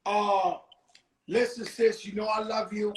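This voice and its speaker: A man's voice: high voice, little pitch movement, unhurried, echoey room, slight background noise. Tipsy, joking man hosting over video call. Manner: loose, joking, profane street talk. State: tipsy from drinking. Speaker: host. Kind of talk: casual interview chat.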